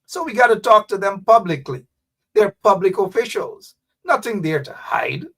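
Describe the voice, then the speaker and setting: A man's voice: sits high, very animated, moderate pace, vocal fry, a bit bright, far from the mic. A man hosting fiery, mocking political commentary, talking straight to his audience. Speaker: host.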